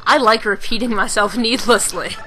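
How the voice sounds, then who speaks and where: Faint music plays behind a woman whose bright, forceful voice sits on the high side, held at a steady tone and moderate pace. Narrating her gameplay as a let's play commentator, she rambles, mocks herself and giggles a lot.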